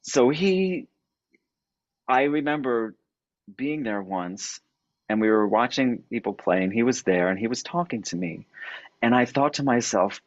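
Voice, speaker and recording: A man telling a personal story, halting and repeating words as he goes. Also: medium pitch, animated, no room sound, muffled recording. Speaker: podcast guest.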